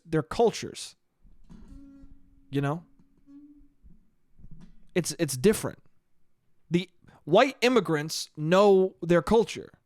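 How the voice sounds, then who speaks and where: A man's voice: fairly high pitch, no room sound. A young man hosting his own podcast, talking casually in a rambling, profane monologue and laughing often. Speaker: podcast host.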